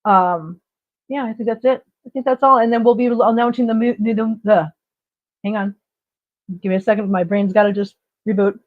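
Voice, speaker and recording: Her voice sits at medium pitch, with a steady tone and a normal speed. A middle-aged host of a casual livestream, she tells stories chattily and laughs a lot over dull, lo-fi stream audio.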